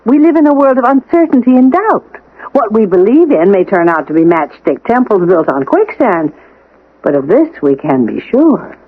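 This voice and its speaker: A prim, formal manservant who lectures in measured, condescending tones. His voice sits high and moves a lot. The sound is thin and phone-like, from an old radio broadcast. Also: big pitch swings, dry recording. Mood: soothing, lecturing. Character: prim, formal man in a rich man's household, a servant. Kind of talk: 1970s radio drama acting.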